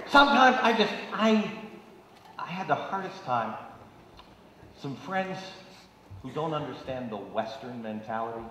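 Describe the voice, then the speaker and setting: A middle-aged man giving a sarcastic, animated live stage monologue, mocking people by putting on their voices. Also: mid-range voice, unhurried, pauses often, a little hiss or hum. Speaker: political commentator on stage. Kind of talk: live stand-up style monologue. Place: large auditorium stage. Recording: echoey hall audio from far off.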